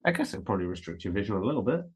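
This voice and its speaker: A man's voice: lowish voice, big pitch swings, rapid-fire, breathy edge. A man co-hosting a casual chat, asking jokey, cheeky questions. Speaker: podcast co-host.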